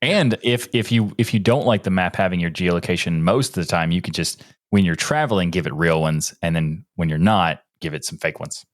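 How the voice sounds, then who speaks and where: Low-voiced, wry man on a tech podcast. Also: brisk, hardly any pauses, dry recording. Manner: dry, wry remarks and relaxed explanations. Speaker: podcast co-host. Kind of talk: casual tech chat.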